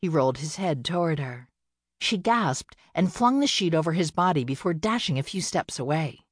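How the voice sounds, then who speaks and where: A woman narrating a novel in a steady, measured storytelling voice. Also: low-pitched, slightly rough, dry recording, studio quality. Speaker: audiobook narrator. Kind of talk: scripted narration.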